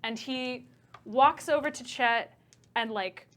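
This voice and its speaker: Casting: young woman game master, slightly high voice, casual and chatty. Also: takes it slowly, a bit bright. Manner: chatty, casual, many fillers. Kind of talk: narrating a tabletop game.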